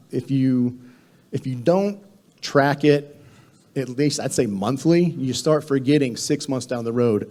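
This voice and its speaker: A man with a mellow, warm-toned voice leads a live training session on government contracting. He talks in a loose, conversational way, full of "um"s and self-corrections, at an ordinary pitch. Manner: conversational, many fillers and restarts.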